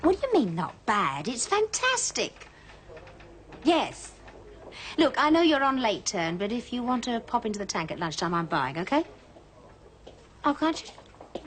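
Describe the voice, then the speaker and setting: Casting: a fussing middle-aged police mum, slightly high voice, noisy kitchen soundtrack. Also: female voice, sing-song, measured pace, pauses often. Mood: cheerful. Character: proud, fussing police mother of a teenage son. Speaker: police officer and mother. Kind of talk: 1980s British TV police drama.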